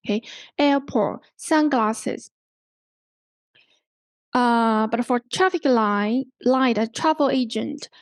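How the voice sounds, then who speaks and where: A woman lecturing a workshop class in a slow, unhurried way, pausing and restarting her sentences as she explains. Her voice sits fairly high and sounds close and dry, with no room echo. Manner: explains slowly with many restarts and fillers. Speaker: language workshop instructor.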